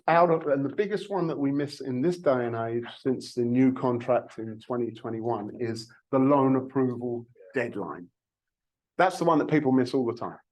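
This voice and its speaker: A man's voice: mid-range voice, a little mellow, low-quality recording. A man in his fifties, a real estate broker giving a jokey, self-mocking training talk to a live audience, often restarting his words.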